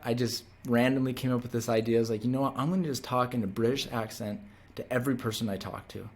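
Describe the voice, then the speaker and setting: Man in his thirties, earnest casual storyteller, mid-pitched, prone to restarts. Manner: earnest, rambling with frequent restarts. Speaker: door-to-door salesman.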